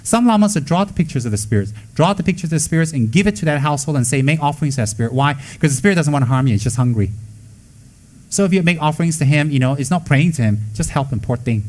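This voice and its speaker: A man giving a Buddhist dharma talk to students, blunt and scolding, with joking asides and quick acted-out quotes. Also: on the high side, expressive, darkish tone, rough recording. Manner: acts out quoted voices. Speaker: Buddhist teacher.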